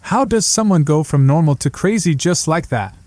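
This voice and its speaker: A man reads an uneasy young brother whose voice rises a little above the narrator's as he presses his questions, warm and mellow in tone. The recording is close and dry. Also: a little high, animated, moderate pace, dry recording, pitched above the performer's own voice, close to an everyday voice. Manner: hesitant, probing questions.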